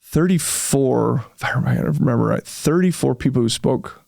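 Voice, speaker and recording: Gravelly-voiced man telling his business story. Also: medium pitch, fairly quick, no echo, studio quality. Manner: animated, reenacts his own past remarks, frequent fillers. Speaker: real estate developer guest. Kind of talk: casual interview storytelling.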